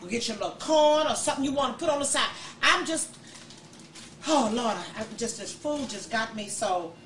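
A woman's voice: on the high side, a bit bright, slight background noise. A woman giving a cooking demonstration in an online video, brash and profane, chuckling as she explains. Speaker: home cook in an online video. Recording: echoey, distant video clip.

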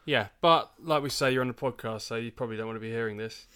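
खाँसी-ज़ुकाम वाला आदमी, सहज और मज़ाकिया लहजे में बात करता है, मध्यम आवाज़. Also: male voice, mid-range voice, quick pace, bright, forceful tone, clean tone. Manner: easygoing, joking. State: has a cough and cold. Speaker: podcast co-host. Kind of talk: casual chat.

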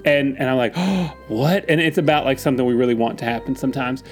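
A man's voice: mid-range voice, fairly even intonation, racing, soft background music. A man co-hosting a podcast, telling stories in a chatty way and acting out quotes with gasps. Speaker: podcast co-host. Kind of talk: casual chat.

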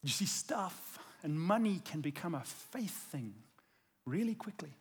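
A man's voice: on the high side, expressive, unhurried, slightly rough. A male pastor giving a conversational sermon, earnest and emphatic as he tells a personal story.

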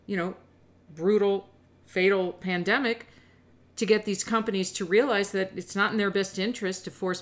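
A middle-aged woman giving opinionated solo commentary, animated and emphatic with sarcastic asides. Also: mid-range voice.

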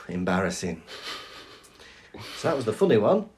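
A man co-hosting a podcast in casual chat, wry and jokey, quick with teasing rhymes. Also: lowish voice, sing-song, heavy background noise. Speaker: podcast co-host.

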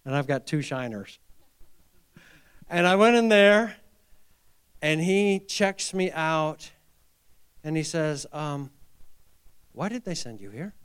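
A middle-aged male pastor preaching a sermon, telling a story and then building to fervent exhortation, moving from hushed tones to loud emphasis. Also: on the high side, lively intonation, slow pace, pauses often, clear, resonant tone.

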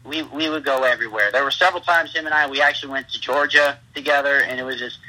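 A man's voice: medium pitch, fast, pushed and bright, rough recording. A man, a pro wrestler, telling rambling stories in a casual interview and laughing through them.

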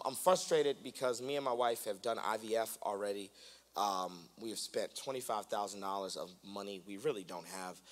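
Um pregador americano que prega um sermão em tom de conversa, brincando consigo mesmo antes de subir a voz com força. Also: male voice, mid-range voice. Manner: conversational, self-mocking, builds to loud animated preaching. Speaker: preacher. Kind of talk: sermon. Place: church sanctuary.

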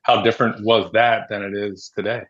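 A man's voice: lowish voice, little pitch movement, moderate pace, a bit bright, muffled recording. A man talking as a guest in a reminiscing conversation, often restarting and repeating words.

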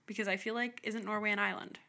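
A woman's voice: mid-range voice, steady tone, fast talker, vocal fry, pushed and bright. A young woman co-hosting a podcast in casual, playful chat, joking and poking fun at her own mispronunciations. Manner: playful, jokey, mispronounces words self-mockingly. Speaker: podcast co-host.

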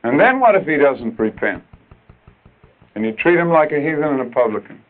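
A man preaching a sermon to other preachers, emphatic and urgent, dropping at times to quiet, earnest asides. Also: fairly high pitch, very animated, brisk. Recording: tinny lo-fi old tape recording.

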